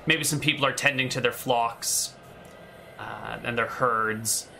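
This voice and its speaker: A man's voice: medium pitch, a little slow, creaky, sharp tone, slight background noise. A man narrating a tabletop game as game master, describing scenes while thinking aloud.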